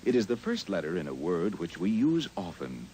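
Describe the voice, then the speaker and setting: Low, lively-voiced male narrator. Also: moderate pace, noisy background. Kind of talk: scripted narration.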